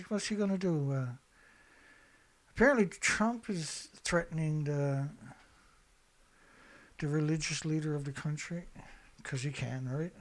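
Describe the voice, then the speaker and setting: A middle-aged man hosting a casual livestream, rambling and chatty, clearing his throat often and swearing now and then. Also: a little high. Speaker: show host.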